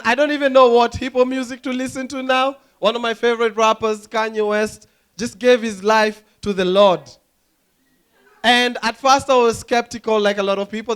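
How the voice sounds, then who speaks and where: High-voiced young stand-up comic. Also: male voice, clean tone. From Kenya. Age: young adult. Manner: animated, jumps into silly voices and impressions. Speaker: stand-up comedian. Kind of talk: stand-up comedy routine. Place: comedy club stage.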